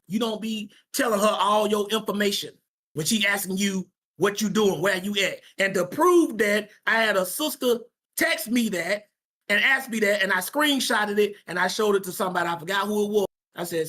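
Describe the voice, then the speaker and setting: A man's voice: high voice, normal speed, sharp tone. A man teaching a Sabbath class to young people, talking in an emphatic, slangy way and repeating his points for stress. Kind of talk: informal preaching to young people.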